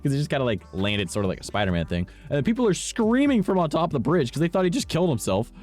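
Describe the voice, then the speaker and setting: A man's voice: fairly high pitch, wildly swooping pitch, quick pace, a little mellow. Rambling young man swearing through stories. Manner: rambling storyteller, lots of "right?" and "all right?"; swears freely and laughs at his own stories. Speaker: streamer. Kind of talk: casual chat while gaming. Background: faint game music.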